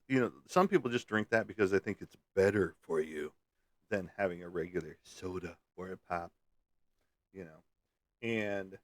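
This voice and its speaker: Casual chat from a low-voiced man hosting a livestream: he rambles folksily, chuckles, and replies to viewer comments, recorded with no echo.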